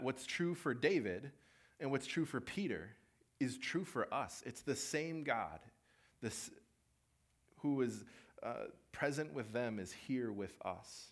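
A young man preaching in a relaxed, conversational way, mid-pitched, sharing a personal story. He brings in what others said with a bit of performance and keeps his talk down to earth. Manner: conversational, animated storytelling with acted-out quotes.

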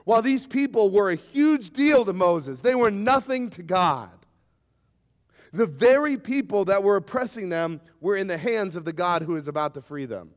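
A man preaching a sermon, emphatic and lively, sometimes acting out short quoted voices. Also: high voice, normal speed. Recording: hall reverb.

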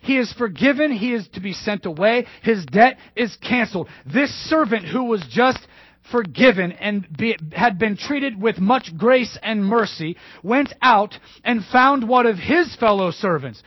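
A male pastor preaching a sermon emphatically, repeating key phrases and dropping to hushed asides. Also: high-pitched, expressive, unhurried, slightly rough, dry recording. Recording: dull dry lo-fi sermon recording.

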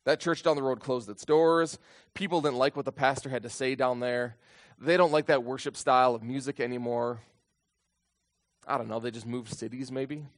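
A male pastor delivering a sermon to his congregation, animated, acting out the disciples' pleas in a raised voice. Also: mid-range voice, normal speed.

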